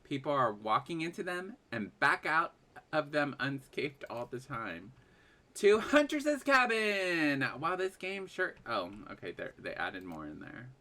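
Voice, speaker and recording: Animated, bright-voiced woman gaming streamer. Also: deep voice, unhurried. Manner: animated, laughing, shrieking reactions. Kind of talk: let's-play commentary, reading game text aloud.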